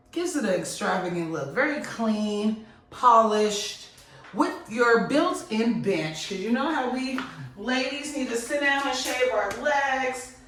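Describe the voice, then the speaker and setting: A woman's voice: a little high, fairly bright tone, far from the mic, a little hiss or hum. A woman giving an enthusiastic walkthrough of a model home, gushing over the details. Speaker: real estate agent giving a home tour. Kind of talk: casual walkthrough tour. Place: model home, walking through rooms. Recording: echoey rooms, voice off-mic.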